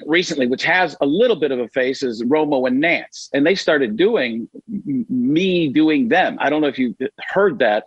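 A man's voice: mid-range voice, normal speed, husky, no room sound. A middle-aged man, a guest comedian, chatting animatedly and jokily on a video call. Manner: animated, jokey, slips into voices. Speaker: guest impressionist. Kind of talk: casual interview chat. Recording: dull lo-fi video call audio.

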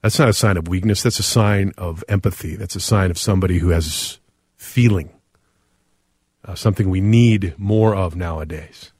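Low-voiced man hosting a radio talk show. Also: a little mellow, no room sound, clean studio sound. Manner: earnest, reflective, with frequent "uh" pauses. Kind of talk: radio call-in talk, reading listener texts.

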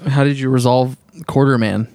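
A man's voice: mid-range voice, steady tone, normal speed, a little mellow, no echo. A man co-hosting a casual podcast, bantering and joking. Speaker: podcast co-host. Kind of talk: casual chat.

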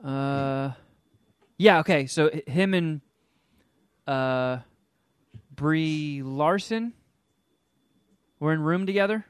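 A man in casual podcast chat, recapping a film with lively, animated delivery. His voice sits a little high for a man. The sound is dry and close, with no room around it. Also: slow pace, pauses often, smooth, no echo. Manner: animated storyteller, hams up silly voices for the characters he describes. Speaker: podcast co-host reviewing a film.

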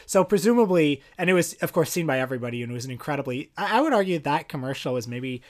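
A man's voice: a little high, expressive, quick pace. Wry rambling man on a film podcast. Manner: wry, rambling, with dry jokes. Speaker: podcast co-host. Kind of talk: casual film discussion.

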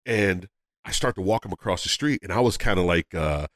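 A man, a comedian guest on a podcast, telling a story casually and acting out the people in it with sudden jumps in pitch. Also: a little fast, no echo, clean studio sound. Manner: animated, acts out quotes with big pitch jumps.

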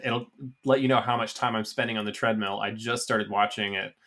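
Low-voiced man hosting a podcast. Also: fairly even intonation, a little fast, a bit bright. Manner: easygoing, rambling, many fillers. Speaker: podcast host. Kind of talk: casual chat.

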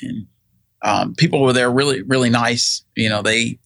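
This guest, a middle-aged man, shares his own story in easygoing conversation, wandering off track, restarting often, filling gaps, and performing the voices of others. The dry recording captures a mid-range, slightly bright voice at a normal, steady pace.

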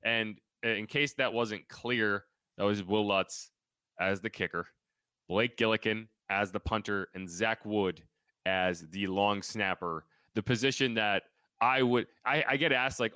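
A man co-hosting a casual sports podcast, talking fast and joking with a sarcastic streak. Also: lowish voice, fairly even intonation, sharp tone, clear, resonant tone, no echo. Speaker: podcast co-host.

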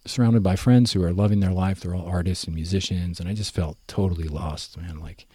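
A young man telling his story in a relaxed, rambling way, full of fillers and self-corrections. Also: low-pitched, fairly quick, husky, no room sound. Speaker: guest. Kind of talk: casual conversational storytelling.

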